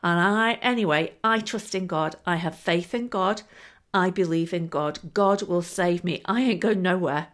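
A woman's voice: lowish voice, a little slow, lightly acted. A woman voicing a stubborn old man who grows furious and demands answers. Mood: defiant. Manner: defiant, shouting with anger.

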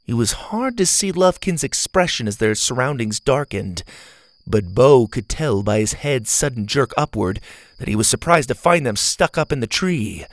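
A man narrating a children's adventure story, lifting into high, loud voices for the shouting kids. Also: normal speed, no echo, studio quality. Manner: animated, jumps high for shouted kid lines. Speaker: audiobook narrator.

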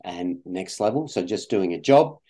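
A man's voice: sits low, animated, moderate pace, warm tone. An Australian man, a guest in an interview, talking in a rambling way with many fillers and restarts. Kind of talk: conversational interview.

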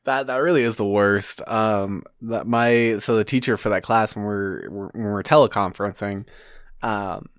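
A young man in a casual podcast chat, halting and stumbling over his words. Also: lowish voice, clear, resonant tone, no echo, clean studio sound. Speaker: podcast co-host.

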